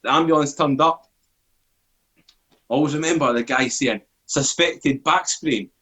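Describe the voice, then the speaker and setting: This Scottish man in his forties has a voice on the high side and a measured pace. As a podcast guest, he tells a story in casual, animated talk, swearing and acting out what people said.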